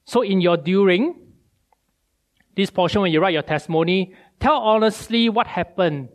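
A male preacher, giving a sermon with animated storytelling and many rhetorical questions. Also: high-pitched, moderate pace.

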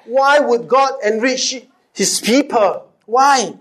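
High-voiced preaching man, rhetorical questions. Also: expressive, moderate pace, a bit bright. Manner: rhetorical questions and call-and-response with the congregation; repeats key phrases for emphasis. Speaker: pastor. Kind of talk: sermon.

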